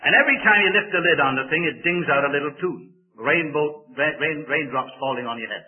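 An older man preaches a sermon in a church, his slightly raised voice swinging from loud, emphatic declaiming down to quiet, joking asides to the congregation. The recording is narrow and tinny, like it came through a phone line. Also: a little high, a little fast.

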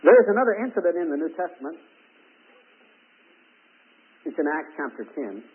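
A man's voice: a little high, sing-song, moderate pace. A man preaching a sermon with emphatic rises on key words. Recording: tinny phone-like old recording.

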